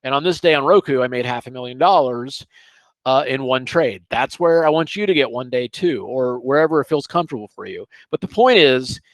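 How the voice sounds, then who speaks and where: A middle-aged man teaching trading over charts in a casual, animated way, often checking in with "okay?". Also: mid-range voice, a little fast, dry recording. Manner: animated, chatty, sprinkles "okay?" and asides. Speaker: trading educator.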